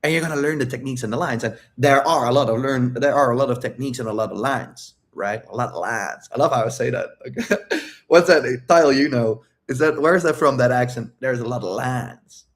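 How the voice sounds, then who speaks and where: A man's voice: mid-range voice, fairly quick. A brash male dating coach talking in a loose livestream Q&A. He swears freely and breaks into laughter often. His voice sits in an ordinary male range. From outside the United States. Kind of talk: casual livestream Q&A.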